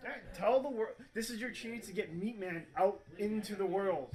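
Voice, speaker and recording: High-voiced man, playfully egging on. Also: normal speed, a crowd in the background, poor audio. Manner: playful, egging on, mock-grand. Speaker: friend egging the speaker on. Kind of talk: casual livestream chat.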